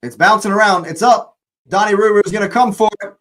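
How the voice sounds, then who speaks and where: A man's voice: high voice, fairly quick, a bit bright, rough recording. A young man hosting a live football watch-along, ranting angrily at the referee, swearing and repeating himself.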